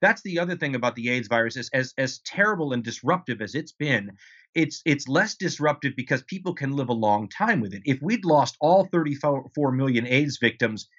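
A man's voice: mid-range voice, expressive, normal speed, fairly bright tone. Discursive man with muffled audio. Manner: discursive, restarts often, rhetorical "right?". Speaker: author guest. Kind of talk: conversational interview answers.

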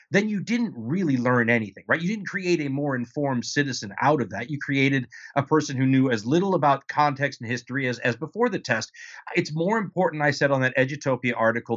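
A man's voice: medium pitch, a bit bright, lo-fi sound. A man speaking as an author guest in an interview, explaining his ideas at length with frequent restarts and rhetorical questions. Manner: discursive, restarts often, rhetorical "right?". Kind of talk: conversational interview answers.

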